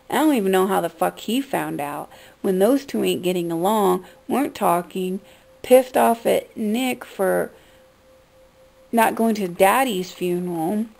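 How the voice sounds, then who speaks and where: A woman's voice: mid-range voice, creaky, darkish tone, rough recording. A woman vlogger talking in an upset, profane rant, shocked and ranting. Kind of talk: emotional vlog rant.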